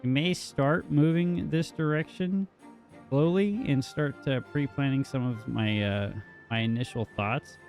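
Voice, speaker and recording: Upbeat gravelly man commentating a game. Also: mid-range voice, unhurried, a little mellow, faint music behind. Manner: upbeat, rambling, many fillers. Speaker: gaming YouTuber. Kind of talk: casual let's play commentary.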